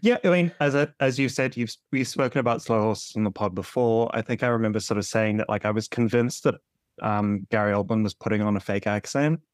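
He's a podcast co-host in a casual chat, talking animatedly, laughing often, and showing a playful exasperation. His voice is on the low side and fairly quick, captured in clean studio sound with no room tone.

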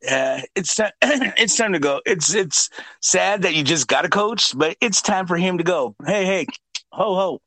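High, bright-voiced joking man. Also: lively intonation, a little slow, no echo. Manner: jokey, profane, acts out loud shouted impressions. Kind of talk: casual chat.

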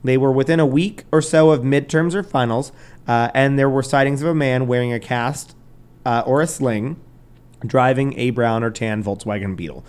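A man's voice: mid-range voice, moderate pace, darkish tone, smooth. A man hosting a podcast, telling a crime story in loose, casual chat, swearing, laughing and tripping over names. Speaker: podcast host.

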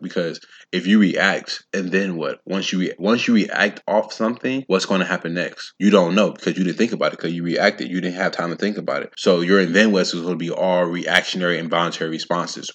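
A man with a very low voice talks to his listeners in a solo motivational podcast. His delivery is casual, slangy and preachy, and he drives each point home with emphatic "boom, boom" sound effects. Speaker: podcast host.

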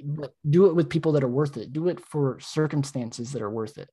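A man co-hosting a casual podcast, telling animated stories, acting out his own thoughts and swearing often. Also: on the high side, fairly quick, husky. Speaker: podcast co-host.

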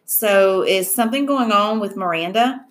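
A woman's voice: mid-range voice, moderate pace, close to an everyday voice. A woman reading as a worried fussing mother. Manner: anxious, fussing.

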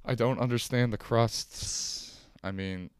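A man's voice: mid-range voice, steady tone, slow, clean tone, dry recording, studio quality. A man hosting a solo podcast from his couch, rambling in a laid-back, profane way. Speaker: podcast host. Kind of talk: casual solo podcast rant. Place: home couch.

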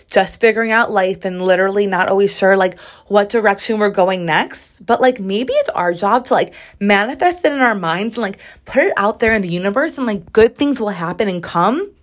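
A woman's voice: mid-range voice, lively intonation, moderate pace, hardly any pauses. A woman in her twenties hosting a casual solo podcast, chatty and sassy, with many "like" fillers. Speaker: podcast host.

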